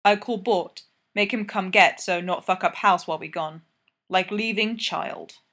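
A woman's voice: mid-range voice, unhurried, fairly bright tone. A woman reading aloud, voicing a sleepy, teasing male hockey player who speaks in clipped, broken English. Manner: clipped broken English, drops small words.

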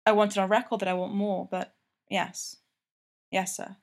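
A woman voicing an eager, submissive young male hockey player who speaks in a soft, hushed, pleading way. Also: medium pitch, flat delivery, moderate pace, natural voice. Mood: wry.

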